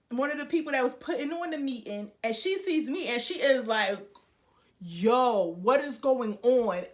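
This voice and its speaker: A young woman vlogger telling a personal story to her viewers, chatty and animated, acting out the voices of the people in it. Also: fairly high pitch. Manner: chatty, speaks straight to viewers with frequent fillers. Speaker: YouTuber. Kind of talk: casual storytelling vlog.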